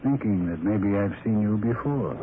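An actor playing a strange, gloomy railway signalman, terse and flat-spoken, in an old radio drama. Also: on the low side, moderate pace, natural voice. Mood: terse, wary. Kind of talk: 1940s radio acting. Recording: tinny lo-fi old radio broadcast with faint hiss.

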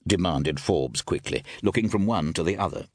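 A man narrating an audiobook story in a measured, lively way. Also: low voice, no echo, studio quality. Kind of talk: scripted narration.

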